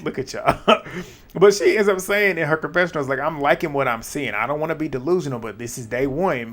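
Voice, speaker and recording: Host, male, mid pitch, casual chatty recap with frequent laughs. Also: a bit bright. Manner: chatty, laughs often, drops quick asides.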